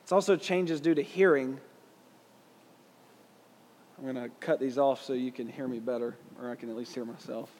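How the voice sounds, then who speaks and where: A man's voice: medium pitch, fairly even intonation, moderate pace, long pauses, darkish tone, long reverb tail, slight background noise. A man with a Southern US accent teaching a Bible class in a conversational way, putting questions to his listeners. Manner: conversational, asks the audience questions.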